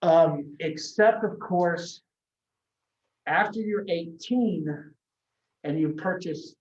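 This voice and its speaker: A man's voice: a little high, takes it slowly. A middle-aged man gives a college lecture in a roomy, echoing classroom. He sounds set back from the microphone, and the recording is dull and muffled. His talk is loose and anecdotal, full of restarts. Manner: conversational, anecdotal, frequent restarts. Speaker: college marketing instructor. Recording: echoey classroom from a distant mic, dull sound.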